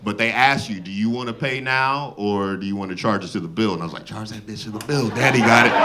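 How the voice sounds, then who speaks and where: A man in his thirties performing a stand-up comedy set with an animated, playful, slangy delivery on a handheld mic. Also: mid-range voice, moderate pace, long pauses, heavy background noise. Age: 30s. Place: comedy club stage with audience laughter. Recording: loud live crowd laughter.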